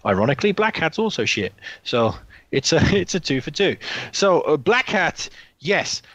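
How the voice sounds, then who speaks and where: Blunt, animated man on a podcast. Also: a little high, moderate pace, no room sound, dull audio. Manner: blunt, swears freely, many restarts. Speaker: podcast co-host. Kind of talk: casual film chat.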